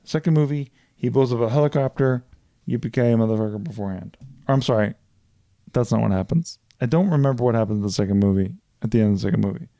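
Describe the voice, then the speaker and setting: A man telling movie stories in a casual podcast chat, profane and animated as he recaps plots. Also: mid-range voice, quick pace, dry recording, studio quality. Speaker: podcast co-host.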